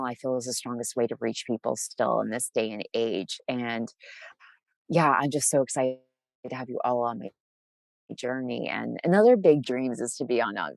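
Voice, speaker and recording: Low-voiced chatty woman, faint Massachusetts accent. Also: vocal fry, darkish tone, dry recording. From Massachusetts, USA. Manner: chatty, bubbly, laughs often, many restarts. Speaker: author guest. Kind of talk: casual interview chat.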